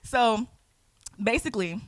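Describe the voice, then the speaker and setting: A woman's voice: on the high side, lively intonation, unhurried, no room sound. A woman in her twenties from Georgia in the United States, co-hosting a casual podcast chat and telling stories dramatically with acted-out quotes. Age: 20s. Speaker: podcast co-host.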